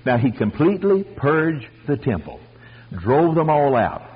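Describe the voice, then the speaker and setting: An older man preaching a folksy storytelling sermon, animated and acting out the voices of the people in his stories. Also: a little high, a little slow, slightly rough, muffled recording. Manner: animated, acts out voices, chuckles.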